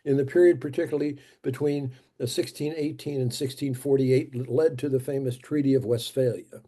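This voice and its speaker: A man lectures on history with a very mellow, dark tone and a husky, breathy edge. His delivery is deliberate and halting, and he circles back to repeat key phrases for emphasis. He speaks as a guest lecturer in a church. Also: mid-range voice, steady tone.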